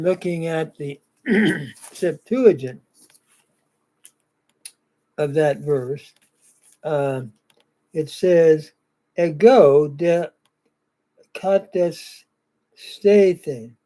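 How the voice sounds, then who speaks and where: A man teaching biblical grammar, reading ancient verses aloud and working through them slowly with frequent "uh" pauses. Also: on the high side, warm tone. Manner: deliberate, pauses with "uh", reads ancient text aloud. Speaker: Bible language teacher. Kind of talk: slow grammar lecture.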